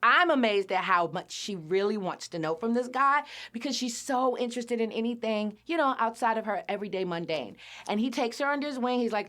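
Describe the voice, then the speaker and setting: Lively, animated woman recapping a show. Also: a little high, fairly quick. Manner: animated storyteller, acts out characters' lines, laughs often. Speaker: recap podcast host.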